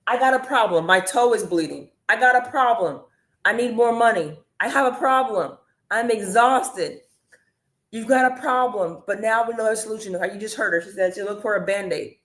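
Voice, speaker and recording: An energetic woman talks straight to her live-stream viewers, chatty and upbeat as she teaches. Her voice sits in a middle pitch. The sound bounces around an echoey room. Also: normal speed. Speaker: online business coach.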